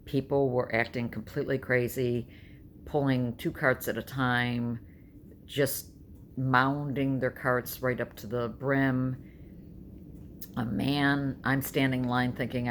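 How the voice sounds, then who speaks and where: A woman in her 60s from New York State tells stories in a blunt, chatty home vlog monologue. Her voice is very deep and steady with vocal fry, unhurried, with slight background noise. She is emphatic and talkative.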